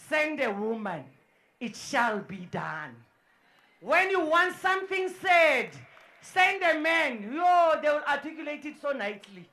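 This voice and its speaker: A woman MCs a live sports event in an indoor dome. She speaks slowly, with a bright, piercing tone. She hypes the crowd with loud, repeated shouts. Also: sits high. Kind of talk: live crowd hype and welcome speeches.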